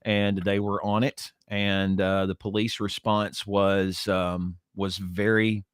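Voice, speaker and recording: A man's voice: fairly low pitch, flat delivery, slow pace, clear, resonant tone, dry recording, studio quality. Rambling middle-aged man with drawl. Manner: rambling, many fillers and restarts. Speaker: podcast co-host. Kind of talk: casual chat.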